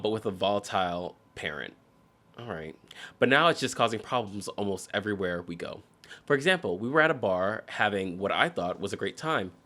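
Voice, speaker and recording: A man hosts a casual talk show, reading relationship stories aloud and cutting in with sassy commentary. His pitch swings widely and his tone is bright. He keeps sighing that he is tired in a mock-exasperated way. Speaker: podcast host.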